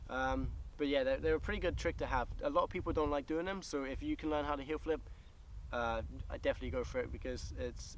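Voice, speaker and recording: A man's voice: on the high side, poor audio. A young man vlogging casually about skateboard tricks, chatty and loose with lots of fillers. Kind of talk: casual tutorial talk. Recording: outdoor recording with loud background noise.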